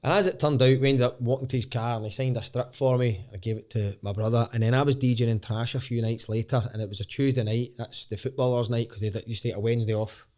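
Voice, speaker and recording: A Scottish comedian in his thirties chats on a podcast, his voice sitting at an ordinary middle pitch. He tells lively anecdotes, swears now and then, and slips into voices for the people he quotes. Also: fast talker, few pauses. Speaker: podcast guest, stand-up comedian. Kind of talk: casual storytelling chat.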